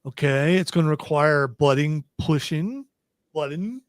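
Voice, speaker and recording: Man, radio host, joking banter, lively pitch, dry close sound. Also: measured pace, no echo. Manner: joking, playful, breaks into shouts. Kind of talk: casual on-air banter.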